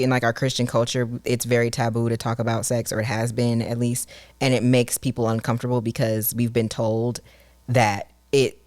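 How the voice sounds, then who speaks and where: A woman's voice: a bass voice, no echo, studio quality. A married woman with a Southern country accent co-hosting a casual podcast, talking frankly and emphatically. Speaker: podcast co-host. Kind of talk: casual chat.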